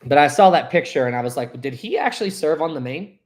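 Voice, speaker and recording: A man's voice: on the high side, animated, fast talker. A young man hosting a casual live stream, reading viewer comments aloud and rambling chattily with frequent laughs.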